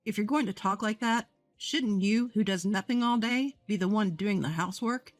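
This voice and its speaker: A woman's voice: medium pitch, normal speed, no echo, faint music behind, lightly acted. A woman voicing a fair-minded young husband in a storybook narration, speaking in an earnest, reasonable way. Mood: firm.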